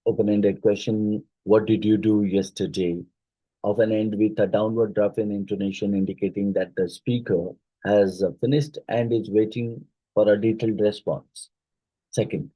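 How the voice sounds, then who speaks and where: Low husky-voiced teacher with Odia-tinged English. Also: male voice, dark tone, no room sound, rough recording. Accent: Odia-influenced English. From India. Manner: explains with many fillers and rhetorical checks. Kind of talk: exam-prep phonetics lecture.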